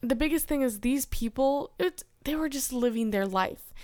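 A woman's voice: high-pitched, normal speed, darkish tone, dry recording, clean studio sound. A teenage girl co-hosting a podcast, talking casually and upbeat with many fillers. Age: teens. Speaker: podcast co-host.

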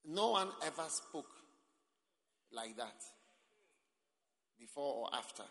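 A man preaching a sermon at a camp meeting, speaking emphatically, often rising to shouts and calling for amens. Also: fairly high pitch, animated, slow, creaky. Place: large hall at a camp meeting. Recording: echoey hall.

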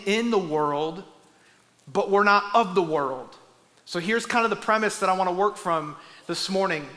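Man preaching, emphatic, keeps repeating words, high bright voice. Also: big-room sound. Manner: emphatic, repeats words while building a point. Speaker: pastor. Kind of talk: sermon.

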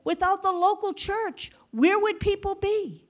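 High-pitched lady pastor preaching hard, repeats herself for emphasis, lots of "amen?". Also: a little slow. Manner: fervent preaching with rhetorical questions and call-and-response "Amen?". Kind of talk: sermon.

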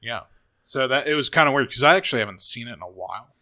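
Bright-voiced man chatting about films. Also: mid-range voice, expressive, quick pace. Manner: hesitant, many fillers and restarts, laughs. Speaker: podcast co-host. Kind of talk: casual movie discussion.

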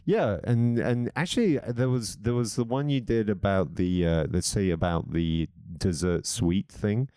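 Deep mellow guy on a comedy podcast, playful, always pushing for another joke. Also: measured pace, few pauses, clean tone, no room sound, studio quality. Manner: playful joke-teller, eggs others on. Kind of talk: casual comedy podcast banter.

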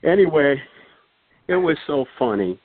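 A man's voice: a little high, animated, a little slow, husky, no echo. An older man tells a long story in a casual, rambling way, full of fillers and restarts. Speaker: guest storyteller. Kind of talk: casual anecdote telling. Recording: dry, phone-like thin sound.

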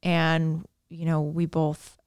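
A woman in her thirties co-hosting a podcast, telling stories in a chatty, animated way. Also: low voice, slow pace, smooth, no echo, clean studio sound. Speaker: podcast co-host. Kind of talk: casual chat.

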